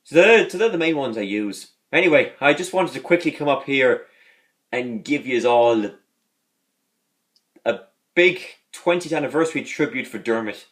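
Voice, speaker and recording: A man talks through a casual review in a loose, enthusiastic ramble. His voice sits at a middle pitch and rises and falls freely. He fills his sentences with fillers. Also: lively intonation, normal speed, a bit bright. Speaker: video host.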